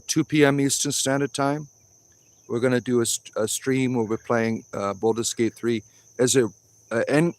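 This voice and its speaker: A man hosting a casual livestream outdoors, reading and answering chat in a blunt, offhand way, with preachy asides. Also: medium pitch. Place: outdoors in a wooded grove.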